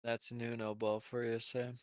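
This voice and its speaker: A man's voice: medium pitch, monotone, a little slow, a bit bright, no echo. A man co-hosting a podcast, chatting and joking while he recaps football matches. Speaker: podcast co-host.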